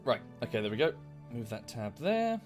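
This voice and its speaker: A man's voice: medium pitch, sing-song, normal speed, soft background music. A British man chatting casually on a livestream from his home setup, polite and rambling with lots of fillers. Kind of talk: casual stream chat.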